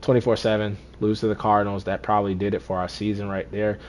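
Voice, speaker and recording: A man casually commentating his own football video game run, talking to himself, repeating lines and swinging between deflated and excited. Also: lowish voice, fast, a little hiss or hum. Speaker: gaming streamer.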